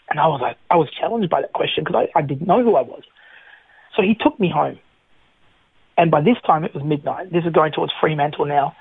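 A man's voice: a little high, fairly quick, creaky, husky, no room sound. A middle-aged man, telling his personal testimony as a guest, acting out the lines he quotes. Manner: animated storyteller, acts out quoted lines. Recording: tinny phone-line sound.

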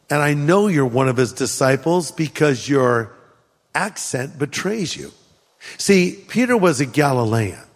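Californian man preaching, high voice, playful and conversational, echoing hall. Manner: conversational, humorous, animated storytelling. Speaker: pastor. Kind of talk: sermon.

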